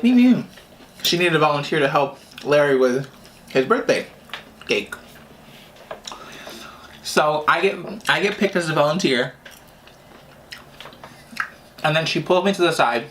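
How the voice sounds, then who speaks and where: A man's voice: fairly high pitch, pushed and bright, slight background noise. Rambling man telling a story while eating. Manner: rambling, restarts often, laughs at own story. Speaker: vlogger.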